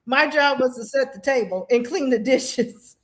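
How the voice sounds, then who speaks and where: A woman, a veteran guest, earnestly sharing personal stories in an animated way, often restarting her sentences. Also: high voice, normal speed. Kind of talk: casual personal storytelling.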